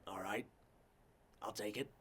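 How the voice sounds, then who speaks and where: A hardy human man in his thirties, gruff and sparing with words, as a man plays him. He talks bluntly in this tabletop game, low and quiet. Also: a little slow, echoey room, a crowd in the background, natural voice. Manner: blunt, terse.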